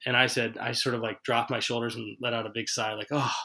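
A man's voice: mid-range voice, little pitch movement, fast talker, sharp tone, low-quality recording. A man hosting a podcast conversation in an earnest, reflective way, retelling stories with quoted dialogue. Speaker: podcast host. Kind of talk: casual conversational interview.

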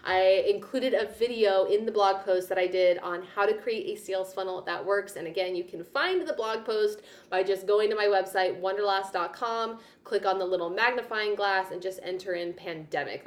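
A woman's voice: mid-range voice, moderate pace. A woman hosting her own podcast, giving upbeat, chatty business advice. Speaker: podcast host. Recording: roomy echo.

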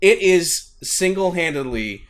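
A man co-hosting a casual podcast chat, telling a rant with swearing and loud bursts. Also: high-pitched, lively intonation, measured pace, over a noisy crowd. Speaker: podcast co-host.

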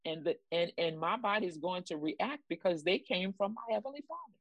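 She speaks briskly and expressively, her voice on the low side, with no echo around it. A co-host on a ministry broadcast, she preaches with emphatic repetition, exclaims praise, and urges her listeners onward.

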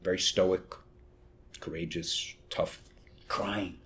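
A man who is a Catholic priest, telling a personal story in an interview in an animated way and acting out what people said. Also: low voice, slow pace, slight background noise. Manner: animated storyteller who acts out quotes and laughs.

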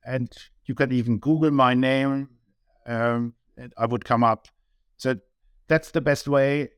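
In a relaxed interview, a middle-aged businessman with a German accent answers haltingly, with lots of ums and repeated words. His pitch is medium and his intonation fairly even. His tone is clear and resonant, with no echo.

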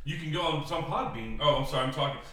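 A man's voice: a little high, racing, echoey room, over a noisy crowd, poor audio. A man in a casual podcast chat who throws in dry wisecracks.

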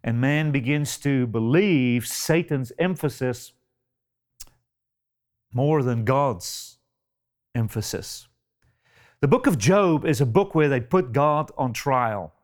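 A man preaching a sermon with a slow, dramatic delivery, full of rhetorical questions and addressing his listeners as beloved. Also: mid-range voice, expressive.

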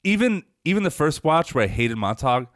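A man's voice: fairly high pitch, sing-song, fairly quick, no echo, clean studio sound. A young man co-hosting a podcast, chatting casually, rambling and swearing a lot with many restarts. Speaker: podcast co-host. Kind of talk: casual chat.

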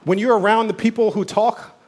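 A pastor delivers a sermon in a relaxed, conversational way, slipping in asides and quick quoted lines. His voice sits a little higher than most men's.

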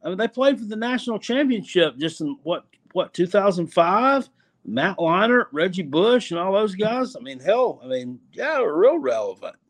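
A man's voice: sits high, big pitch swings, normal speed. A man co-hosting a casual sports talk livestream, reading viewer comments and ranting about rivals with exasperated swearing.

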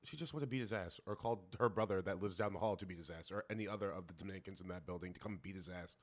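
A man's voice: sits low, racing. A man from New York, co-hosting a podcast, arguing his point in a heated, profane rant. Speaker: podcast co-host. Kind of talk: casual chat.

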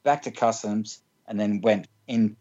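A man's voice: on the low side, unhurried, mellow, muffled recording. A man telling funny personal stories in a loose, rambling way, laughing often and filling with "like". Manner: rambling, laughs often, many fillers and restarts. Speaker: interview guest. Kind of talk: casual storytelling.

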